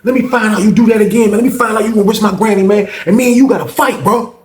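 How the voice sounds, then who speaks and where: A man voicing a furious young man who shouts in a high, strained voice to defend his grandma, in an echoey room. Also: fast, slight background noise, close to an everyday voice. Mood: threatening.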